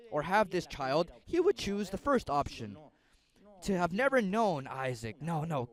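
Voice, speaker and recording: A man, a pastor, retelling a Bible story in a dramatic, emotive sermon. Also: on the high side.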